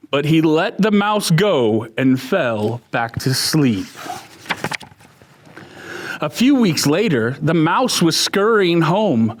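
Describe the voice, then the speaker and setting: Expressive man reading a picture book. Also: fairly high pitch, slow. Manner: lively, expressive storytelling. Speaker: museum educator. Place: museum exhibit hall.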